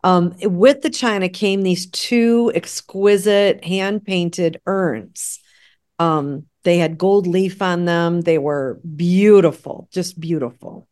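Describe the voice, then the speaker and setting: A woman in casual conversation, telling a personal story in an animated way and acting out the dialogue. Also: fairly low pitch, takes it slowly. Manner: animated, acts out quoted dialogue. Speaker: guest sharing a story.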